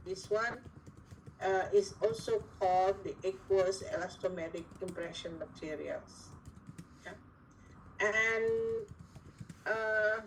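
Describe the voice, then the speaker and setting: Slow, halting Indonesian-accented woman lecturing. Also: mid-range voice, a little hiss or hum. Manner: halting, frequent fillers and "yeah" tags. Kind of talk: academic lecture on dental materials. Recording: distant mic, faint room ambience.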